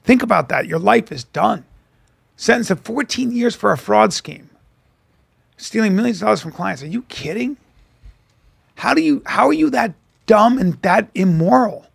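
A man's voice: high voice, moderate pace, gravelly, long pauses, husky, no room sound, studio quality. A man co-hosting a podcast in casual banter, telling profane stories and acting out what people said. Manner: profane, animated storyteller who acts out quotes. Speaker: podcast co-host.

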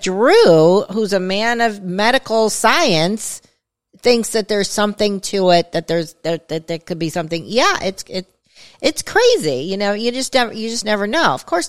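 Chatty woman co-hosting a podcast. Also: mid-range voice. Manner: chatty, full of fillers and asides. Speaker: podcast co-host. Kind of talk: casual chat.

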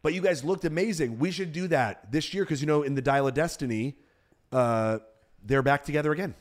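A man hosting a podcast, teasing his guest and telling animated stories in casual chat. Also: a little high, brisk. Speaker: podcast host.

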